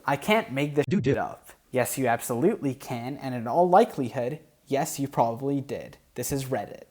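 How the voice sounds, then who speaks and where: A man's voice: medium pitch, lively intonation, normal speed, darkish tone. A man who comments on the online posts he reads aloud, with dry, sarcastic asides. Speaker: YouTube commentator.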